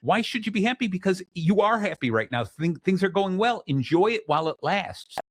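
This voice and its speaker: A man's voice: high voice, a little fast, slightly rough, no room sound, clean studio sound. A man hosting his own talk show, telling stories with energy and frequent restarts. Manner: energetic storytelling, many restarts. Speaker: host. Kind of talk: casual chat.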